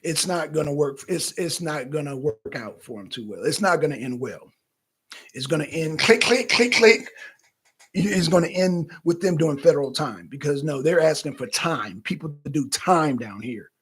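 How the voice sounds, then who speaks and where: Male co-host, high husky voice, animated and profane casual commentary. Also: moderate pace. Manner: animated, profane, chatting directly to viewers. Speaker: political talk show co-host.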